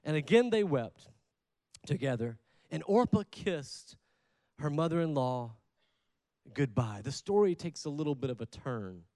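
A man preaching a sermon, leading the congregation in call-and-response and swinging between loud stresses and quiet asides. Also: fairly high pitch, animated, a little slow, pauses often, dry recording. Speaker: pastor.

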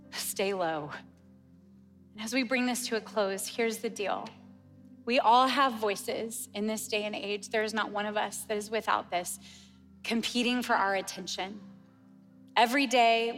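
A middle-aged woman pastor delivers an earnest sermon, leaning on repeated phrases for emphasis. Her voice carries a long reverb from a large church hall. Soft music plays faintly underneath. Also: mid-range voice. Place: church auditorium.

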